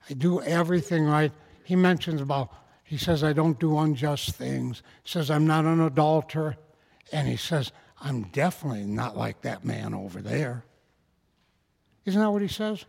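A man's voice: fairly high pitch, vocal fry. Folksy preacher man in echoing hall. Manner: folksy, building to fervent shouted passages. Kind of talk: sermon.

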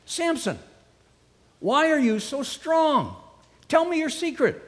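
A man's voice: very high-pitched, very animated, slow, fairly bright tone, in a large hall, voice pushed up, heavily acted. A man putting on Delilah, a wheedling pleading woman. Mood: coaxing. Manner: wheedling, exaggerated sing-song pleading.

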